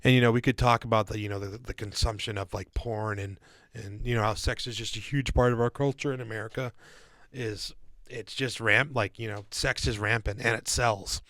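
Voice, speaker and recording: A man's voice: fairly low pitch, fairly even intonation, normal speed, a bit bright, dry recording. A man co-hosting a casual podcast discussion, talking in a rambling way with many fillers and restarts. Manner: casual, calls listeners "guys" and "dude". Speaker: podcast co-host.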